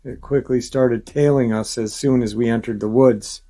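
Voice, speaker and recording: Male narrator, average pitch, calm steady reader for first-person story reads. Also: moderate pace. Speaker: channel host reading a viewer's story.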